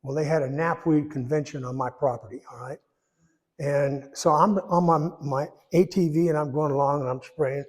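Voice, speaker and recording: A man in his eighties giving a personal testimony in church, rambling and folksy, pausing when emotional. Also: fairly high pitch, fairly even intonation, a little mellow. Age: 80s. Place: church sanctuary. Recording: echoey church hall.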